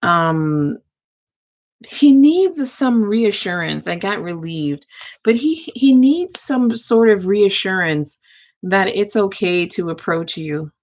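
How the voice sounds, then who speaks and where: Casting: woman tarot reader, unhurried, mid-pitched, chatty reading style. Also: lively intonation, a little mellow. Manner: slow, drawn-out, talks to the cards and angels.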